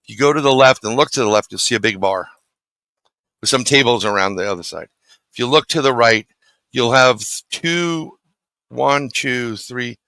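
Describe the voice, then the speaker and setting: A man's voice: mid-range voice, fairly bright tone, dry recording, rough recording. A middle-aged man from New City, telling a story as a guest in a casual interview and acting out the dialogue. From New York City.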